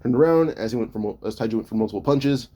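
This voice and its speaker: A man's voice: medium pitch, rapid-fire, warm tone. A man casually narrating a fan-made story in a loose, stumbling way, often correcting himself mid-sentence.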